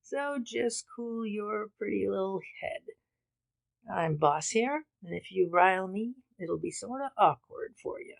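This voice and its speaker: A woman reading the part of a rough male thug who growls menacing threats. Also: medium pitch, lively intonation, measured pace, dry recording, poor audio. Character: rough gruff male thug with broken arm.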